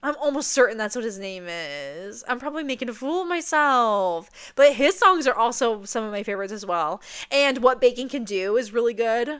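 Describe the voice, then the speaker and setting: A woman's voice: on the high side, lively intonation, normal speed, few pauses, fairly bright tone, clean tone. A young woman chatting playfully while seated, often checking in with "okay?". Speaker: vlogger. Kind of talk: casual chat.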